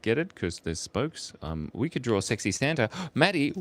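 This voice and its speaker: Playful lively man drawing on a live stream. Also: medium pitch, moderate pace. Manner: playful, chatty, reads chat messages aloud and laughs often. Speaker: livestream artist drawing for chat. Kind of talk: casual live-stream chat while drawing.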